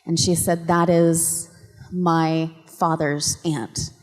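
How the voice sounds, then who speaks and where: A woman on a convention panel, telling a story with lively, laughing energy and acting out the quotes. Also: low voice, takes it slowly. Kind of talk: animated storytelling to an audience. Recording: reverberant convention hall.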